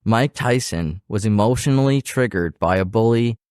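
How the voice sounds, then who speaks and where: A man with an Ottawa Valley country twang hosting a podcast, a chatty storyteller who talks to his listeners in a casual, animated way. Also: fairly low pitch, normal speed, smooth, dry recording, studio quality. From Ottawa Valley region, Canada. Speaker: podcast host. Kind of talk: casual interview chat.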